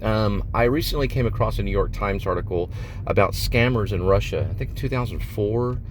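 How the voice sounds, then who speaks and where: A middle-aged man talking casually about his new play, rambling with halting restarts and fillers. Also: lowish voice, slight background noise. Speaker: playwright. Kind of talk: casual talk to camera.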